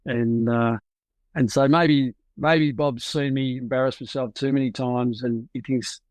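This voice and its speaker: A man's voice: mid-range voice, fairly even intonation, a little slow, darkish tone, no echo. Middle-aged Australian male coach, candid and reflective, medium voice, dry recording. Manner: reflective and open, searching for words. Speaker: football coach, guest. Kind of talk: candid interview answers.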